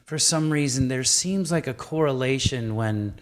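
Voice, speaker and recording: Male co-host, mid pitch, quick jokey interjections. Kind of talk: casual chat.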